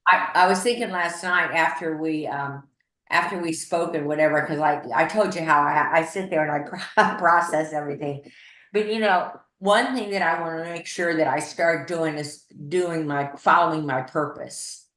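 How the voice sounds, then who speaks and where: A woman's voice: sits low, normal speed, a bit bright, reverberant, low-quality recording. An older woman telling a story casually over a video call, chatty and rambling, often restarting her sentences.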